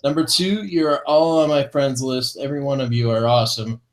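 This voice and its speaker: Man, casual show co-host, mid-pitched, upbeat, chuckles, corny humor. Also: steady tone, fairly quick. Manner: upbeat, chuckling between items, fond of corny jokes. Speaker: co-host of a vaping talk show. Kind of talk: casual chat, reading a list aloud.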